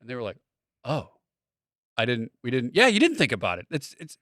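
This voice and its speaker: A man's voice: mid-range voice, wildly swooping pitch, fairly bright tone, dry recording, studio quality. A man co-hosting a casual podcast, telling a work story in an earnest, firm way. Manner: fast, earnest, firm when making a point. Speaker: podcast co-host. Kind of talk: casual chat.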